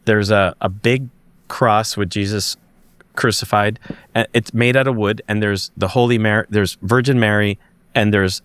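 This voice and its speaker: Guy w a lowish voice telling a story on a podcast, plays all the voices, dry close sound. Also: no echo. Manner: animated storyteller who acts out the dialogue. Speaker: podcast guest. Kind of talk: casual storytelling. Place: lives in Montreal.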